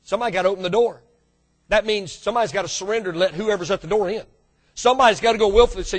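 A man preaching a sermon as the church's pastor, swinging from loud bursts to hushed asides and calling out to the congregation. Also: high voice, racing. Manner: calls out to the congregation for response.

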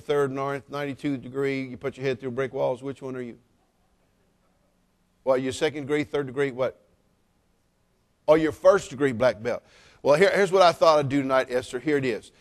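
Teasing middle-aged preacher. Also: male voice, a little high. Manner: teasing, joking, rises to loud exclamations. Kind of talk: sermon with humorous asides. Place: church service.

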